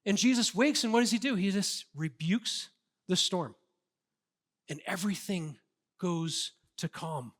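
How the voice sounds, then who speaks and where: A man's voice: high voice, lively intonation, a little slow, fairly bright tone. A man preaching a sermon as a pastor, earnest and conversational, with casual fillers.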